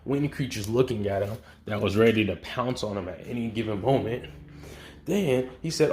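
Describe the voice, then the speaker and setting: A man's voice: on the low side, moderate pace, a little mellow, slight background noise. A man hosting his channel, casually telling a fan what-if story in loose, slangy talk full of fillers and swearing. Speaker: channel host. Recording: roomy echo.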